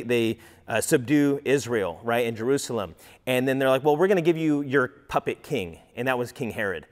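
Man preaching in a reverberant church hall. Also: medium pitch. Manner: conversational, acts out quoted voices, many fillers. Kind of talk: casual sermon teaching.

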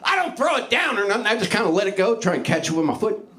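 A middle-aged stand-up comedian works an open mic crowd in a small club, rambling through crude, self-mocking material and shouting the punchlines. He talks fast and is very animated, his high voice coming across bright and forceful through a handheld stage mic.

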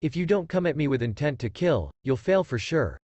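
Kakashi, a man reading as a deadpan ninja teacher. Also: a little high, fairly quick, no echo. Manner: deadpan and offhand. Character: laid-back, deadpan adult male ninja teacher.

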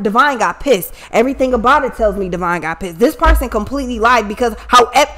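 A woman talks straight to her viewers in a high, bright voice. She tells her story bluntly and with plenty of swearing, animated and casual. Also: a little fast. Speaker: tarot reader and channel host.

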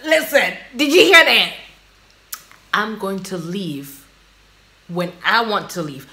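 A woman hosting a reaction video, gushing and excitable in casual commentary. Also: mid-range voice, takes it slowly, long pauses. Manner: gushing, excitable, exclaiming and laughing.

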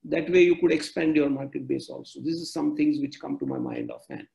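High-voiced man in an echoey room. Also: sing-song, brisk, creaky, warm tone. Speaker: panelist. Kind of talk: online panel discussion.

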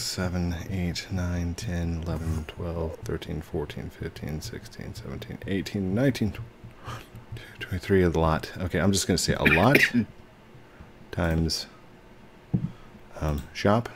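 A man hosting a casual game session, playful and quick to laugh, talking to the characters on screen. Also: deep voice, steady tone, noisy background. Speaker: gaming channel host. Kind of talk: casual let's-play chat.

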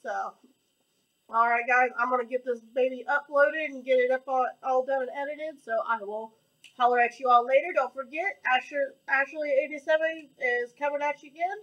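A high-voiced woman chats to her viewers from her couch at home, a little out of breath. She gushes, upbeat and eager. The mic picks her up from some distance. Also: fairly even intonation, moderate pace, fairly bright tone, dull audio. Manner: upbeat, gushing, slightly out of breath. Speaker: vlogger. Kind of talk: casual vlog outro.

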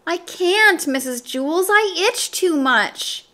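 A woman voicing a whiny schoolgirl covered in itchy bites, complaining in a high, pleading voice as she reads a storybook aloud. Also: big pitch swings, slow, sharp tone, heavily acted. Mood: whining.

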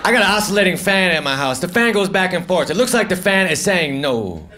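A man doing a stand-up comedy set on a club stage, delivering deadpan, offhand one-liners into a handheld mic. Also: a little fast. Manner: deadpan, offhand one-liners, drifts into low muttered asides. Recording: live club recording with audience noise. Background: audience laughter.

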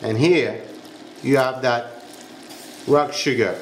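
A man's voice: mid-range voice, slow, reverberant, slight background noise. A man with a French accent, a pastry chef giving a step-by-step cooking demonstration in a kitchen. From France. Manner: instructive, step-by-step, checks in with "huh?".

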